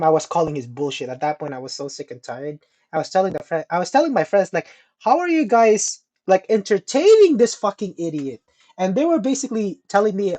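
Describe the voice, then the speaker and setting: Animated profane young man telling a story. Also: high voice. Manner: animated, profane, mimics people in quotes. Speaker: podcast co-host. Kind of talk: casual storytelling chat.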